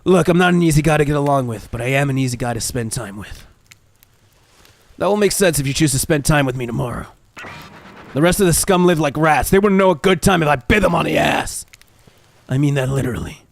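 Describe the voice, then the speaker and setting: A man voicing a gruff, self-assured male killer from a horror dating game, in a low, smug, deadpan delivery. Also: a little fast, dry recording.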